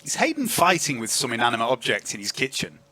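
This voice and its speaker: Guy running a tabletop game over a call, really bright voice, lots of ums, animated. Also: medium pitch, fast, no room sound. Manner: lively, chatty, filler-heavy. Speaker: game master.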